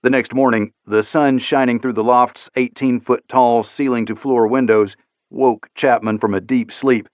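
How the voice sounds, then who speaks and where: Guy reading a novel aloud, measured and even, no room sound. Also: medium pitch, no echo. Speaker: audiobook narrator. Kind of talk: scripted narration.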